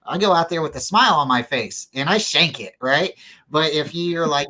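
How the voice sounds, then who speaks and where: A man's voice: a little high, lively intonation, brisk, sharp tone, slight background noise, poor audio. A man as a guest on a talk show, telling stories in a casual, earnest, rambling way with plenty of fillers and restarts. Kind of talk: casual storytelling interview.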